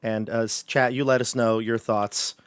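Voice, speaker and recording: A man's voice: mid-range voice, fairly even intonation, normal speed, clean tone, no room sound. A man running a livestreamed tabletop horror game, joking and chatty with his players. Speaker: game master.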